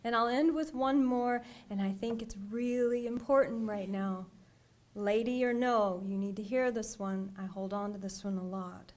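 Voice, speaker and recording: A woman poet giving a deliberate poetry reading, her phrases trailing off into a breathy near-whisper. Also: a little high, fairly even intonation, a little mellow.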